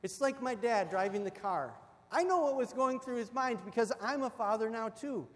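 A man preaching a sermon as the pastor, telling a personal story with animated, acted-out moments. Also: very high-pitched, normal speed. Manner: storytelling, animated, acts out voices in the anecdote. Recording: long hall reverb.

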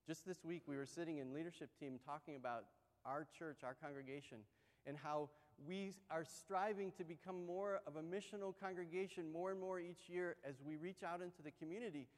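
Male pastor, high tenor, animated conversational sermon, long hall reverb. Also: fairly quick. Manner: conversational, animated storytelling with acted-out quotes.

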